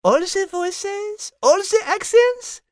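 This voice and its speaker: A woman doing a very high-pitched prim French animal lady. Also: expressive, takes it slowly, no echo, studio quality, heavily acted. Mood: indignant.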